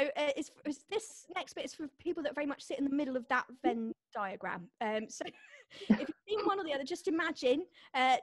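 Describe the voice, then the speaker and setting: A woman comedian opens her stand-up set over a video call, chatting with the audience in a bubbly way. Her voice is high, and the sound is dry and close with no room echo.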